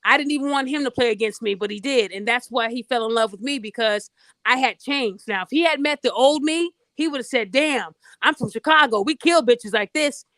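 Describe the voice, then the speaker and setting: A woman's voice: fairly high pitch, fairly quick, a bit bright, no echo. A woman hosting a podcast, telling a personal story in a blunt, profane, casual way and addressing her listeners directly. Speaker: podcast host.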